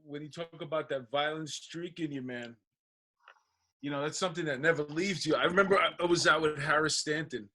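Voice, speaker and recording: A man trades stories as a guest in a loose podcast chat. His voice sits a bit high for a man. He acts out every line of dialogue with heat and does not hold back on swearing. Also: a little fast. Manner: animated storyteller acting out dialogue, profane. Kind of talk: casual chat, storytelling.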